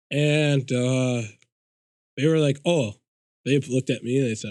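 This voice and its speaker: A man's voice: mid-range voice, moderate pace, long pauses, no room sound. A man telling a story in casual podcast chat, swearing freely and acting out what people said. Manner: profane, animated storyteller acting out quotes. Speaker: podcast guest.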